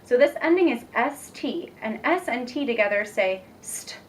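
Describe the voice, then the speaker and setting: A young woman teacher demonstrating a reading lesson, patient and encouraging, speaking slowly and clearly. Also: fairly high pitch, animated. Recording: distant mic with faint background noise.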